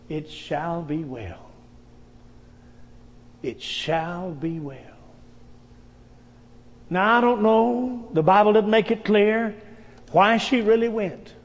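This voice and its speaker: High-voiced preacher in a reverberant hall. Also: male voice. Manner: folksy storytelling preacher, frequent amens. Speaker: pastor. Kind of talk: sermon.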